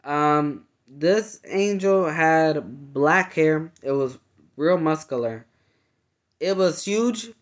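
A man earnestly recounting a dream in casual, halting speech full of fillers and restarts. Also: a little high, animated. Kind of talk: casual personal storytelling. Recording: dull lo-fi sound.

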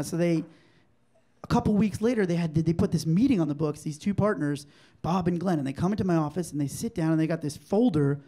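A man in his forties works a live comedy room with a stand-up set. His voice sits very high for a man, and he tells his stories with animated punch, acting out both sides of each exchange on a handheld stage mic. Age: 40s. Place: comedy club stage before a live audience.

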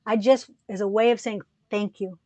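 A woman musician and educator, a podcast guest, telling stories in an animated, chatty way, laughing often and restarting her sentences. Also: mid-range voice, normal speed, no echo. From United States. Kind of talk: casual storytelling chat.

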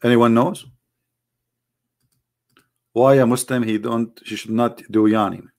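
A man's voice: medium pitch, steady tone, a little slow, gravelly, a little mellow. Sarcastic man with an Arabic accent. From Arab world. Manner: mocking, rhetorical, speaks straight to the audience. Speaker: online religion critic. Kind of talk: sarcastic monologue to viewers.

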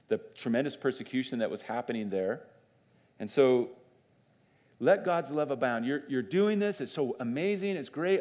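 Man preaching, conversational and animated, mid-pitched voice, church sermon. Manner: animated and conversational, with restarts and laughs. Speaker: pastor.

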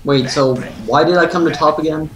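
A man's voice: a little high, fairly quick. A young man chatting casually while playing a video game, playful and boastful, laughing often. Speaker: gamer. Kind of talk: casual gameplay chat. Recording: echoey room with game music.

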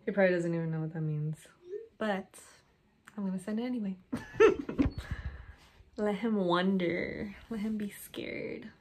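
Slow-talking giggly young woman. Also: mid-range voice, darkish tone, a little hiss or hum. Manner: giggly, laughs often, playful asides to viewers. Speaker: vlogger pranking her boyfriend. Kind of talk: casual prank vlog chat.

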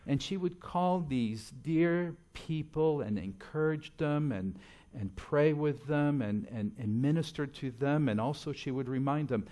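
A middle-aged man preaching in a church, telling stories and swinging between loud emphatic lines and quiet asides. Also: fairly high pitch, measured pace. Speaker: pastor. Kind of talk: sermon.

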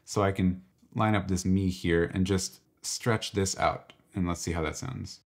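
A man with a low voice walks through music software step by step. He talks in a relaxed, exploratory way, thinking aloud as he clicks. It sounds like a screen-recorded tutorial. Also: unhurried. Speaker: tutorial presenter. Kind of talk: software walkthrough.

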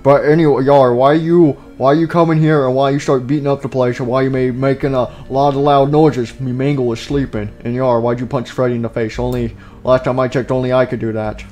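A man voicing a gruff male pirate animatronic fox in a fan machinima, talking pirate speak with lots of "yar". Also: mid-range voice, little pitch movement, fairly quick, hardly any pauses, darkish tone, soft background music, natural voice. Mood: grumpy. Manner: pirate talk with "yar" fillers.

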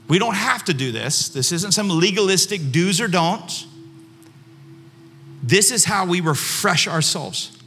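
A man's voice: high voice, bright, forceful tone. A man preaching a sermon as a pastor, telling a personal story and repeating phrases for emphasis.

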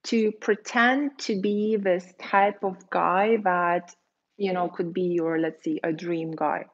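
A woman giving dating advice as a coach, talking straight to her viewers and acting out quoted lines. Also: slow. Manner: animated, acts out quoted lines in a higher voice. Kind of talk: advice monologue to camera. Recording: slightly dull, lo-fi audio.

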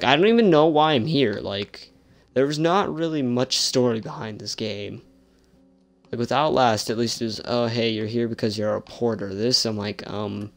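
A young man with a lowish voice talks slowly and loosely while playing a horror game. He is sarcastic, easily spooked and swears constantly. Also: vocal fry. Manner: swears a lot, jumpy and sarcastic. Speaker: gameplay streamer. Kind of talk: casual gameplay commentary.

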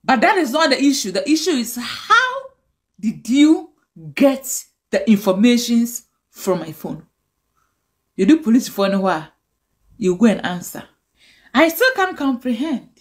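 A woman's voice: fairly high pitch, big pitch swings, unhurried, long pauses. A Ghanaian woman with a Ghanaian accent, ranting angrily and scolding in a direct-to-camera video. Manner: angry, scolding rant mixing languages.

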